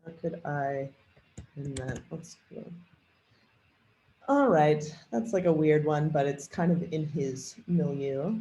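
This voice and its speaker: A man leading a software training demo, thinking aloud with a lot of fillers and hesitation. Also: fairly high pitch, slow pace, dull audio, slight background noise. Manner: rambling, hesitant, many fillers. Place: at a computer. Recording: echoey room with faint typing.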